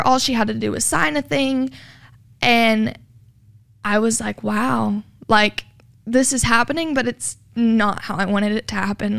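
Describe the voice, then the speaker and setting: A woman's voice: fairly high pitch, creaky, fairly bright tone, no room sound, studio quality. A woman telling her personal story in an interview, earnest and filled with "like", acting out what people said. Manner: earnest, heavy use of "like", acts out quoted dialogue. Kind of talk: personal testimony.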